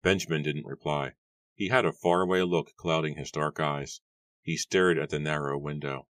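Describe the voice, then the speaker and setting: A man reads an audiobook in a steady, measured voice. His voice sits extremely low, and the recording is close and dry with no room sound. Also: dry recording. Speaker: audiobook narrator. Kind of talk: scripted audiobook narration.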